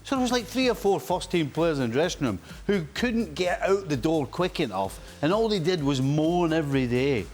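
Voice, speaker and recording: A man in his fifties, a former player turned pundit, telling lively stories on a panel and acting out what others said. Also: fairly high pitch, normal speed, hardly any pauses, soft background music. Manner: animated storyteller who laughs and acts out quotes. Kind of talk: casual panel chat, anecdotes.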